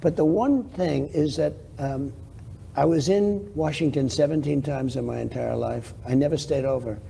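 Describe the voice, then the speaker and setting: Older new guy with a gravelly, really dark voice, rambling and bragging, repeats himself a lot in a tv interview. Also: a little high, normal speed, slight background noise. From New York. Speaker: interview guest. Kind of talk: TV interview answers.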